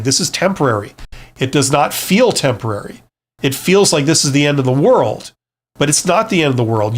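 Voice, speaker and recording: Chatty middle-aged man, slightly high voice. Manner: conversational, frequent fillers and restarts, reassuring; blunt, joking asides. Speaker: livestream host, former CEO. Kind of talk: live Q&A, casual advice.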